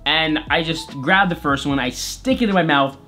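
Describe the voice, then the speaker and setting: A man's voice: on the high side, moderate pace, sharp tone, faint music behind. A man vlogger narrating a comedic personal story in a playful, exaggerated way.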